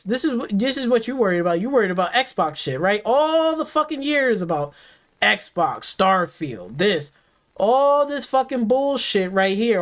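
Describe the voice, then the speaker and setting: A man hosting a gaming stream, delivering an angry, profanity-heavy reaction rant full of repetition. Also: high-pitched. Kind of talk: ranting reaction commentary.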